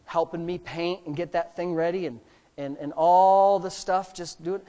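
At a normal pace, a man preaches to his congregation with plenty of energy and a sarcastic edge. He alternates between booming, high-pitched moments and softer asides.

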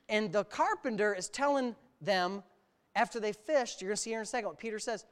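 A male pastor preaching an animated sermon, exclaiming often and laughing through his stories. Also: sits high, fairly quick, clean tone.

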